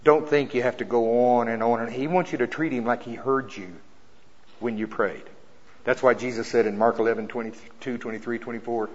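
A man preaching a sermon who reads scripture slowly and forcefully, then explains it in a casual, joking way. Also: mid-range voice. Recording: dull sound in a reverberant hall.

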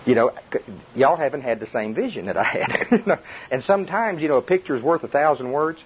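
A man's voice: mid-range voice, lively intonation, brisk. An older man preaching a chuckling, conversational sermon to a congregation. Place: church before a congregation. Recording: dull lo-fi tape with faint hiss.

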